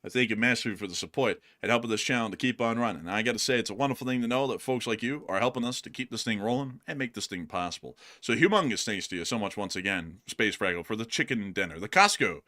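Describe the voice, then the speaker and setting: A man's voice: fairly low pitch, animated, fast, few pauses, bright, forceful tone. A man hosting a casual talk show, rambling with many fillers and restarts. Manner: rambling, filler-heavy, stammers. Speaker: host. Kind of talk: casual chat.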